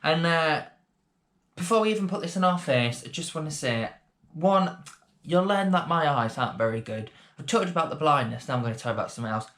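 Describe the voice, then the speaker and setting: A man's voice: a little high, lively intonation, a little fast, a bit bright. A man chatting casually through a beginner makeup tutorial vlog, rambling with self-deprecating asides. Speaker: beauty vlogger.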